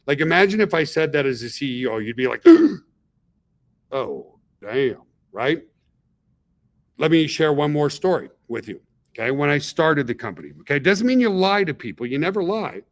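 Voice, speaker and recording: A man's voice: fairly high pitch, animated, a little fast. Middle-aged male webinar host; casual, chatty founder type who checks in with his audience a lot. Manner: chatty, peppers talk with "okay?" and "guys".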